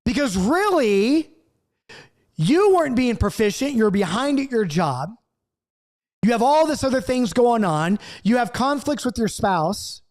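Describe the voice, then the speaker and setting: A man teaching a Bible study straight to camera, acting out angry outbursts and then dropping to a hushed, earnest tone. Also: extremely high pitch, very animated, unhurried. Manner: acts out quoted outbursts, swings between loud and hushed.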